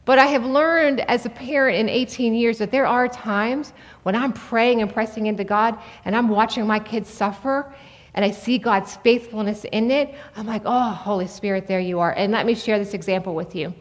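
A woman in her forties preaching a sermon in a conversational, animated way to an audience in a large hall. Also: on the high side, moderate pace. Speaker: speaker at a church. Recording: long reverb of a large hall.

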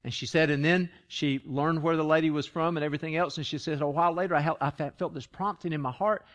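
A man's voice: a little high, fairly even intonation, fast, fairly bright tone. Man preaching, conversational and emphatic. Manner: conversational storytelling, rising to emphatic repetition; frequent restarts and stammers. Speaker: pastor. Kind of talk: sermon.

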